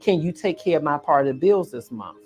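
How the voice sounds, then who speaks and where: Woman doing a hushed, coaxing boyfriend. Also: deep voice, lively intonation, brisk, soft background music, pitched below the performer's own voice. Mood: wheedling. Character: smooth-talking boyfriend, man, quietly persuasive.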